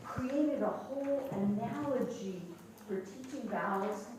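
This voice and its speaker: A woman's voice: a little high, slow. Brief: woman presenting a teacher workshop, heard from a distance in a noisy room. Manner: chatty, animated, many ums and restarts. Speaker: pronunciation teacher trainer. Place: large lecture room. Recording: echoey hall from far off with noise.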